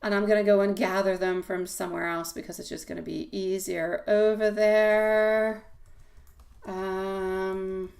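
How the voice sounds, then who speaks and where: A woman's voice: mid-range voice, gravelly, a little mellow. Encouraging woman reading tarot live. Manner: encouraging, affectionate pep talk with pet names. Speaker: tarot reader.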